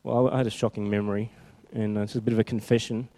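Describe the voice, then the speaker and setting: A man's voice: fairly low pitch, level tone, very fast, mellow. A man preaching a sermon in a chatty, storytelling way, reading scripture aloud with animation.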